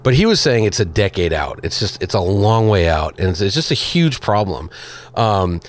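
A man's voice: lowish voice, very animated, normal speed. A man co-hosting a car radio show, talking casually in a rambling way with many fillers. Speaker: co-host, car journalist.

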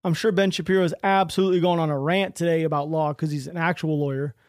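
A man's voice: a little high, fairly even intonation, quick pace, no echo, clean studio sound. A man hosting his own podcast, giving blunt, heated, profane political commentary that rambles with restarts. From United States. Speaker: podcast host.

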